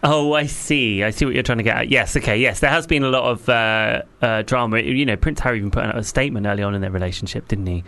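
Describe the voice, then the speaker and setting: An easygoing man hosts a radio chat show. His voice sits in a middle range. He steers the talk in a relaxed way and laughs easily. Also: medium pitch, fast, few pauses. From near Portsmouth, England. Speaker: radio host.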